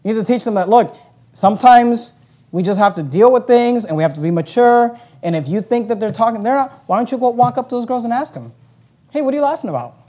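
High-voiced pastor, animated preaching. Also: male voice, brisk. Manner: animated storytelling, acting out quoted voices, swings between loud and hushed. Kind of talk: sermon.

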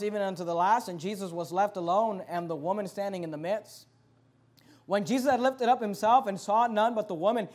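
Very high-voiced fervent male preacher. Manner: fervent, emphatic, swings between quiet and loud. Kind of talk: sermon with scripture reading.

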